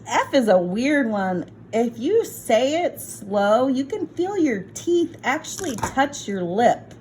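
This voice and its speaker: A woman teacher leading a phonics lesson on her phone, sounding out words slowly and patiently. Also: fairly high pitch, very animated, darkish tone, slight background noise, poor audio. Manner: slow, patient, encouraging sounding-out. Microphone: phone, set down and picked up.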